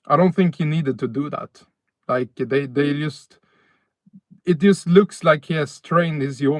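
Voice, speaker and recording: A man's voice: a little high, no room sound. A man from northern Sweden with a Swedish accent, chatting casually on a live stream outdoors at night, laid-back and rambling with fillers and self-corrections.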